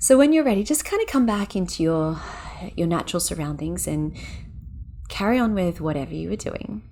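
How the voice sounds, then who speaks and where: A woman hosting a podcast who speaks with gentle, soothing guidance, leading a breathing exercise and talking with lively energy between exercises. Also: on the low side, a little hiss or hum. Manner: gentle, soothing, unhurried guiding; animated and quick when excited. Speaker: podcast host and yoga teacher. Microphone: podcast microphone.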